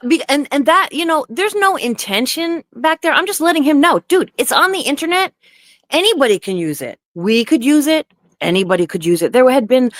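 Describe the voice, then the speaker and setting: A woman's voice: sits high, fairly bright tone, no echo, studio quality. A woman co-hosting a casual podcast, making snarky, sarcastic asides. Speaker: podcast co-host.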